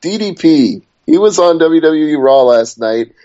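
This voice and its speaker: A man's voice: fairly high pitch, animated, a little slow, dark tone. A man co-hosting a casual wrestling podcast, chatty and steering the talk back to the topic. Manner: chatty, wanders off topic then reins it back. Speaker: podcast co-host. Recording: dull lo-fi podcast audio.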